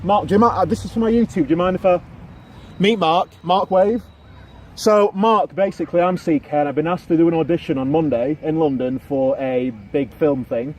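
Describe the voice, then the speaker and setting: A man presenting a YouTube vlog, chatting in a park, jokey and quick to laugh. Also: a little high, darkish tone, muffled recording, a little hiss or hum. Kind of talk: casual vlog chat. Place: outdoors in an urban park.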